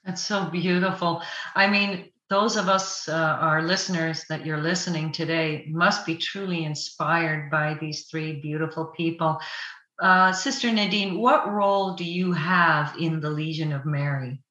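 Bright-voiced woman hosting faith radio. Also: low voice, steady tone, a little slow, roomy sound, highs cut off. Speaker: radio host. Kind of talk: faith radio talk show.

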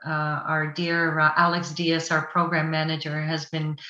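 A woman hosting a faith radio talk show, gently welcoming her guests. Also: low voice, level tone, measured pace, roomy sound, highs cut off. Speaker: radio host.

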